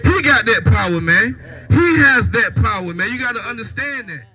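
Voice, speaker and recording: A man with a very high, bright voice with a husky edge preaches on the street. He keeps tossing rhetorical questions at his listeners and tags nearly every line with "right?". His delivery drives forward like a sermon. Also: lively intonation, normal speed, rough recording.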